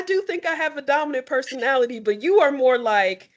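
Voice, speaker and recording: Casting: young adult woman, slightly high voice, candid, expressive, emotional podcast co-host. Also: fairly quick, few pauses, highs cut off. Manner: expressive, tearful at times, candid. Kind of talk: emotional heartfelt conversation.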